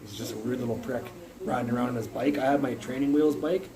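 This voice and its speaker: A young man rambles into his phone on a casual livestream, swearing freely and cutting himself off mid-thought. His pitch sits in an ordinary middle range. A noisy crowd of background chatter runs under him the whole time. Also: fast talker. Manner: blunt, profane, rambling, restarts mid-sentence. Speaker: live streamer. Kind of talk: casual rambling live-stream chat.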